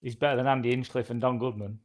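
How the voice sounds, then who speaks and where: A man's voice: medium pitch, steady tone, quick pace. A man co-hosting a football watchalong, dropping short, dry remarks beside the main host. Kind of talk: casual football chat.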